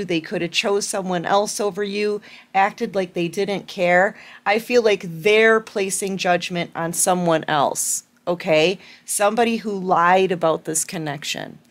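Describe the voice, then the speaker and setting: Woman, tarot reader, mid-pitched voice; warm, affectionate, rambling delivery to her viewers. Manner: chatty and affectionate, addresses viewers as darlings; rambling with many fillers and repeats. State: out of breath. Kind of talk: collective tarot reading.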